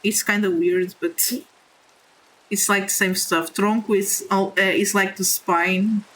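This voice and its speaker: A young woman whose first language is not English, talking openly and haltingly to her viewers while she plays a game, often apologizing and reassuring them. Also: medium pitch, fairly even intonation, fairly bright tone, rough recording. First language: a language other than English. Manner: halting, heartfelt and confessional, with frequent restarts. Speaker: gaming streamer. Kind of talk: casual confiding chat while playing a game.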